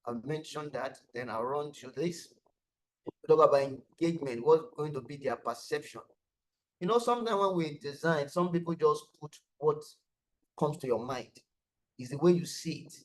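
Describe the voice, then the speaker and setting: A man's voice: a little high, moderate pace, rough recording. Man teaching a webinar on design. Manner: explanatory, repeats key words for emphasis. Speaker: webinar presenter. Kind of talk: online presentation lesson. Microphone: video call.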